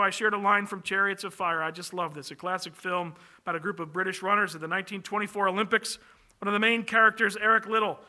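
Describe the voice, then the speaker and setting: A man's voice: high-pitched, bright, forceful tone. A man preaching a sermon from the pulpit, earnest and emphatic, building long lists as his energy rises. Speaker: pastor.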